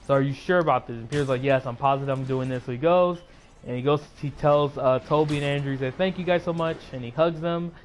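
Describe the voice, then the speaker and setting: A man's voice: mid-range voice, quick pace, slight background noise. A man casually recapping a movie for his channel, rambling with many fillers, sleepy and yawning, with a sore throat. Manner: rambling, filler-heavy retelling. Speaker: YouTuber.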